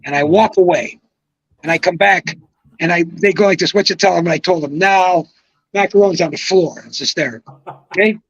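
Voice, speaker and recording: An older man telling an animated story as a podcast guest, excitable, swearing and acting out quotes. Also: high-pitched, moderate pace, dry recording, highs cut off.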